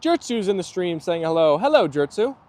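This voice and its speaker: High-voiced young man chatting on a livestream. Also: very animated, fairly quick, darkish tone. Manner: chatty and easygoing, laughs often. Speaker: livestream host. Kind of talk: casual live chat reading viewer comments. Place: outdoors, playing with dogs.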